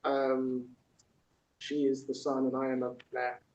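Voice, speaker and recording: A man's voice: mid-range voice, monotone, a little slow, darkish tone. A man running a workshop, talking in a loose, chatty way with many fillers and restarts, and breaking into spoken-word poetry. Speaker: workshop facilitator. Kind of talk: teaching workshop with spoken-word poem performance. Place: large echoey workshop room. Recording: roomy, distant, dull room recording.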